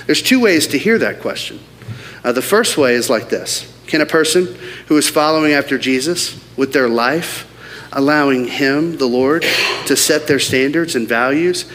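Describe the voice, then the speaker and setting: A man's voice: a little high, fairly bright tone. A man preaching a sermon as pastor, earnest and emphatic, asking the room rhetorical questions. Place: church auditorium. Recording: hall reverb, faint background noise.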